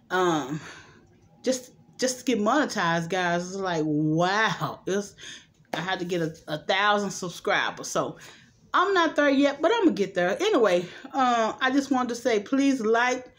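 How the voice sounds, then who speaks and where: A woman's voice: mid-range voice, a bit bright. A woman casually retelling a movie plot for her vlog, rambling, laughing often and acting out the characters' lines. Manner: acts out quoted lines animatedly. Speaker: movie reviewer vlogger.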